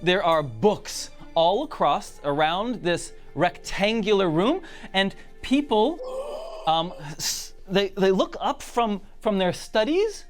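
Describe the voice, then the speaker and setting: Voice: medium pitch, expressive, slow, soft background music. A game master narrating a tabletop game, hesitant and full of fillers.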